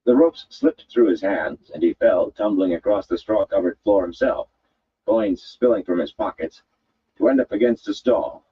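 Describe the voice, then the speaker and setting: A man reading a fantasy story aloud with expressive, measured narration. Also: deep voice, slightly rough, lo-fi sound. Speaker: audiobook reader.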